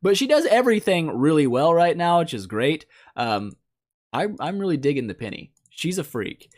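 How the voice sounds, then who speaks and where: A man's voice: a little high, big pitch swings, moderate pace, a little mellow. A man giving casual gameplay commentary as a mobile game YouTuber, joking and teasing the characters in a playful, mock-insulting way.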